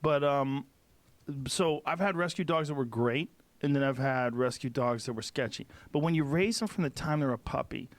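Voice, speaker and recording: A man chatting casually, telling relaxed, rambling stories about his dogs. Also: mid-range voice, moderate pace, no room sound. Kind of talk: casual chat.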